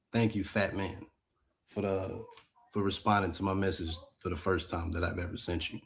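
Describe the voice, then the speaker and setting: A man with a fairly low voice argues in a live online room. He talks back with street slang and a defiant edge. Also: fairly even intonation, moderate pace, creaky. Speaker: guest speaker. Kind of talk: heated live audio-room argument.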